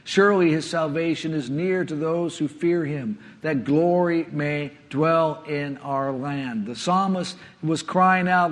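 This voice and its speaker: A man preaching a sermon, earnest, often letting his voice sink to a hush before rising again. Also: a little high, slow pace, hardly any pauses. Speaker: pastor. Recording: long hall reverb.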